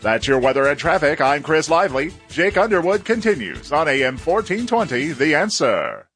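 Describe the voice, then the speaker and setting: A man giving a scripted traffic and weather report on the radio, steady and informative. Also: fairly high pitch, normal speed, faint music behind.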